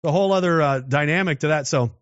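A man's voice: fairly high pitch, fast, fairly bright tone, no room sound. A man giving a political commentary monologue, rambling with restarts and rhetorical questions. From Canada. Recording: dull, dry lo-fi sound.

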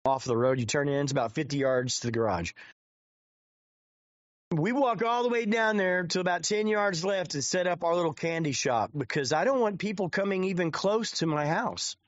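A man's voice: fairly high pitch, expressive, normal speed, no room sound. Crude, rambling streamer man, lo-fi sound. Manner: crude, rambling, swears constantly. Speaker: live streamer. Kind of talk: profane off-the-cuff stream commentary. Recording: dull lo-fi dry sound.

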